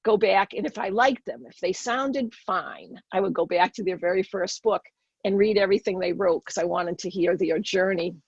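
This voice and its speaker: A woman's voice: medium pitch, moderate pace, husky, no echo, dull audio. A middle-aged woman with a Boston accent, telling her personal story earnestly as a podcast guest.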